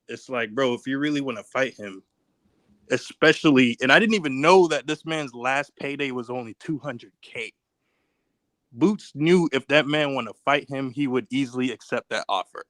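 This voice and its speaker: A man calling in to a live stream with a mid-pitched voice, recorded dry and close. He talks casually, trips over his words and circles back to the same point. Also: a bit bright, no room sound. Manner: rambling, repeats words, restarts. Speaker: caller. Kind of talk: casual call-in talk.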